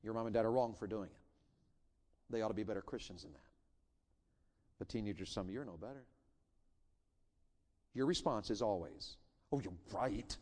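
A middle-aged man preaching a sermon in a church, swinging from loud emphatic lines to hushed intimate ones, with joking asides. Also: lowish voice, a little fast, pauses often. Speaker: revival preacher. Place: church sanctuary.

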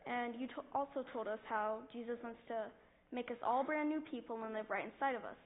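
Woman acting as a clumsy excitable young boy, high voice, church stage drama, thin lo-fi sound. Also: lightly acted. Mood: shy. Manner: excitable, fast-blurting kid voice. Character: twelve-year-old boy, eager and clumsy. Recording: tinny lo-fi recording.

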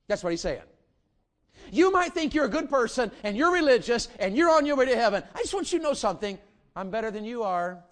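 Animated preacher, man. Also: on the high side. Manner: animated Southern-style preaching, folksy, repeats phrases. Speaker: pastor. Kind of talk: sermon. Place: church sanctuary.

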